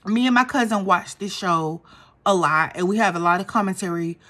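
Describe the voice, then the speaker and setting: A woman's voice: mid-range voice, moderate pace. A young woman, chatting casually and gossiping as she recaps a reality show. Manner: animated and gossipy, acts out quotes.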